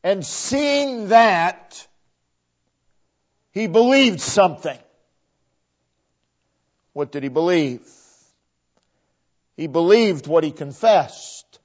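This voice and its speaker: Slow, high-voiced preacher man. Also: expressive. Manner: emphatic, repeats phrases for stress. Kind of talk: sermon. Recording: dull lo-fi recording.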